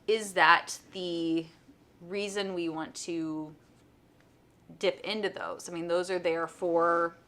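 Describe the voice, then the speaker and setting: A woman's voice: on the low side, bright, forceful tone. A middle-aged woman, a homeschooling mom and nurse, telling a personal story in a casual vlog, chatty and full of fillers. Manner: chatty, with many fillers like "um" and "you know".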